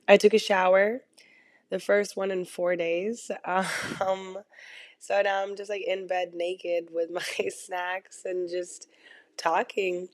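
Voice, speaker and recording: A young woman hosting a solo podcast from bed, rambling casually with lots of fillers and swearing, her voice hoarse from being sick. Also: medium pitch, little pitch movement, slow, no room sound. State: hoarse, lost voice from illness. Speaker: podcast host. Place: in bed at home.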